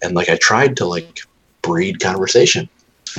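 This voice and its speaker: Young guy, really low husky voice, rambles and swears a lot in casual chat. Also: expressive, moderate pace, fairly bright tone, low-quality recording. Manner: rambling, profane storyteller.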